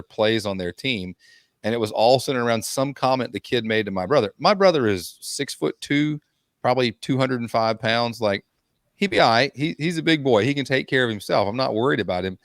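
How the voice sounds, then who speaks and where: A man co-hosting a podcast, telling stories in casual chat in an animated, teasing way. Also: medium pitch, dry recording, clean studio sound. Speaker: podcast co-host, hockey league director.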